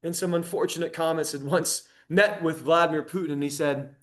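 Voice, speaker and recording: A man giving a public library history lecture, talking in a conversational, animated way with frequent ums. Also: fairly high pitch, brisk.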